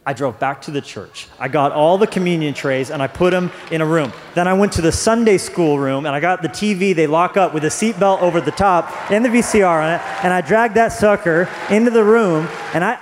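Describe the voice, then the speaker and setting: A man's voice: sits high, a little fast, few pauses, slight background noise. A young adult man, a pastor, telling a personal story in a sermon, often repeating words, then rising into fervent preaching. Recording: long hall reverb.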